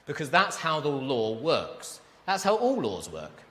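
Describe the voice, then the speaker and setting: A man preaching a sermon to a congregation, emphatic and animated, often asking his listeners questions. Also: mid-range voice, unhurried, hardly any pauses, long reverb tail.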